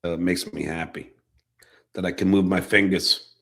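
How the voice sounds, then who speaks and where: A man live streaming, talking in a brash, taunting way with drawn-out phrasing. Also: low voice, fairly even intonation, creaky, fairly bright tone. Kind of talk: rambling live stream talk.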